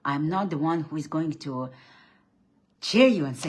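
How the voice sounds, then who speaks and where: A woman speaking as a spiritual coach, her voice sitting a little low for a woman. She delivers a blunt, preachy faith talk, swinging between loud, emphatic outbursts and quiet, dropped-down lines. She often restarts and repeats words mid-thought. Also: lively intonation, normal speed.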